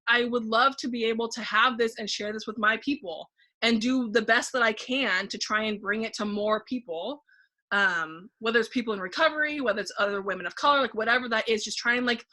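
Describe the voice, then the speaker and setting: A woman guest on a relaxed conversational podcast, with a bright, forceful voice pitched a little high. She tells her story with lively energy, replays her inner thoughts aloud and leans often on "like". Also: fairly quick. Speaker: podcast guest, painting facilitator.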